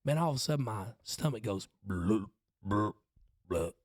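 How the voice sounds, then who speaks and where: A man's voice: on the low side, expressive, fairly quick, a little mellow, husky, dry recording, clean studio sound. A man in his forties with a Southern accent, a podcast host and preacher telling a self-mocking story in casual chat. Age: 40s.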